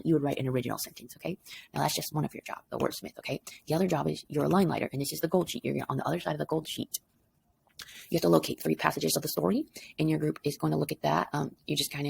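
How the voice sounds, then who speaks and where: A woman's voice: low voice, gravelly, a little mellow, husky. A tired woman teacher explaining an assignment in a recorded lesson, rambling casually and checking in with "okay?". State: tired, up before dawn.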